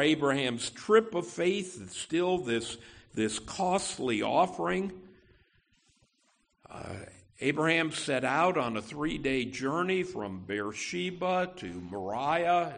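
A male pastor preaching an expository sermon in a church sanctuary. His voice carries a gravelly fry, and he moves slowly and deliberately through the text, pausing and restarting phrases as he explains it. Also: on the high side. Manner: slow, deliberate preaching with pauses and self-corrections.

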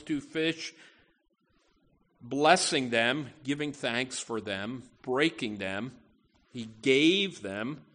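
A man's voice: medium pitch, a bit bright. A man preaching a sermon in an earnest way, often repeating words and saying "you know" as he talks. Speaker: pastor.

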